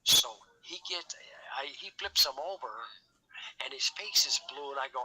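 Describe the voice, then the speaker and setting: A man recounting past events in a halting, repetitive way, often restarting sentences and sometimes dropping into a breathy near-whisper. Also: medium pitch, lively intonation, background noise.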